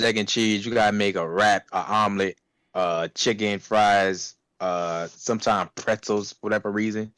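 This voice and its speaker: A young man casually telling a profane, animated story about a fast-food job, acting out customers' voices. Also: fairly low pitch, dry recording. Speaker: podcast co-host.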